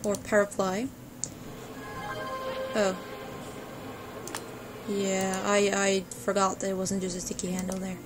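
A woman's voice: mid-range voice, monotone, unhurried, pauses often. A woman hosting a gaming video, chatting playfully and exclaiming at objects she finds, over game music. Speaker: let's play host. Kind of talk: gaming commentary.

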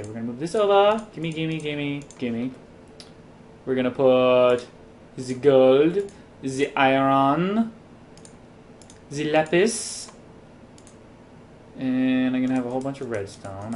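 A tipsy gamer giving casual commentary while playing, excitable and profane, breaking into loud exclamations and silly sound effects. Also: medium pitch, a little hiss or hum. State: tipsy from drinking. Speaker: let's play gamer.

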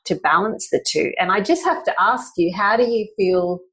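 A woman hosting a podcast, asking a guest questions in a relaxed, encouraging way. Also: mid-range voice, normal speed. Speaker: podcast host. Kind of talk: casual interview.

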